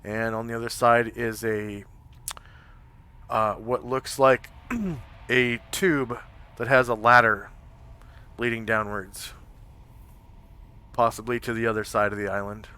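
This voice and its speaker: A man acts as game master and talks the players through the scene at an unhurried pace, often pausing on fillers. His voice is bright and clean. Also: medium pitch, steady tone, clear, resonant tone. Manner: hesitant, full of fillers. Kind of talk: describing scenes in a tabletop game. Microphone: home microphone on a live stream.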